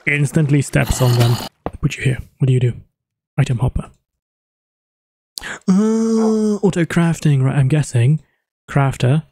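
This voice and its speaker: This let's play host narrates his own gameplay in a chatty way, cracking jokes and letting out quick exclamations. His voice is on the high side with lively intonation and a dark tone, and there's no room sound.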